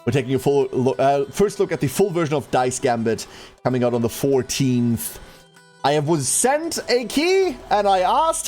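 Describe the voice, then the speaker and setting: Lively male streamer. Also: mid-range voice, moderate pace, soft background music. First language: German. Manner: chatty, talks to chat. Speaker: game streamer. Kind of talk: casual livestream chat.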